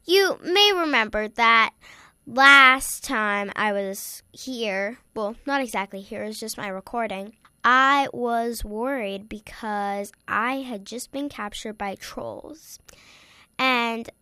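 A woman hosting a story show, telling a playful tale with lively delivery and sudden whispered asides. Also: fairly high pitch, takes it slowly, smooth, no room sound. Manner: lively, acts out voices, drops to whispers. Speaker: storyteller host.

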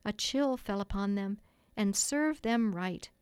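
Woman storybook narrator, measured, mid-pitched, dry booth sound. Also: a little mellow, smooth, dry recording. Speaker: audiobook reader.

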